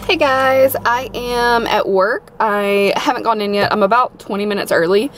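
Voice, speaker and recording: A woman vlogging casually into her phone, chatty and gushing with excitement. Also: fairly high pitch, moderate pace, hardly any pauses, background noise. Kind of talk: casual vlog chat.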